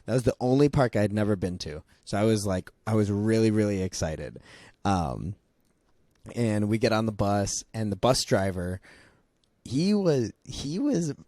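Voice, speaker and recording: A young man in a casual chat, retelling a story with plenty of restarts and little bursts of laughter. His voice is mellow and dark, and the sound is close and dry, with no room around it. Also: fairly low pitch, lively intonation, unhurried, no echo. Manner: rambling, laughing, many restarts. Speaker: vlogger.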